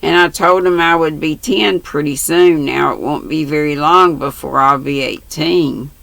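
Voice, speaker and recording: An older woman reading aloud puts on a grave little boy, shy but blunt, telling things in earnest. The voice stays gravelly and bright, and the words come slowly. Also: deep voice, no room sound, heavily acted.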